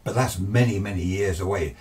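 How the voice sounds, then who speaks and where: Man, low voice, casual ghost-story storyteller, hesitant with restarts, slightly distant mic. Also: brisk, a little mellow. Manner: hesitant, with frequent restarts and asides. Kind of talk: casual spoken recollection.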